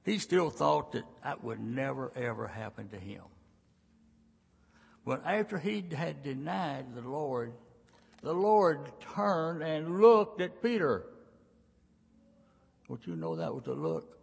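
A man in his sixties preaching a sermon in a church, telling the story in a folksy, dramatic way that swings between loud and hushed passages. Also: mid-range voice, big pitch swings, takes it slowly, vocal fry, long pauses, slightly rough. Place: church sanctuary. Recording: long reverb of a large church.

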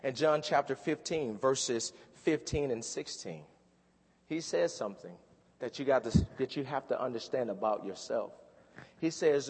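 Man, pastor, sermon, husky voice, fervent preaching, long church reverb. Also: mid-range voice, a little mellow. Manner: preaching with rising fervor, drawn-out scripture reading.

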